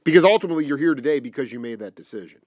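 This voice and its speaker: A man's voice: mid-range voice, expressive, rapid-fire, dry recording, clean studio sound. A man hosting an interview show, talking casually and enthusiastically, with lots of slang. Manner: enthusiastic, slangy, calls guest "dude" and "man". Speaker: podcast host.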